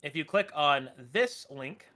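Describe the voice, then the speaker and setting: A man running a tabletop game on a live stream, walking players through the rules in a brisk, upbeat way. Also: a little high, expressive, sharp tone. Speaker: game master.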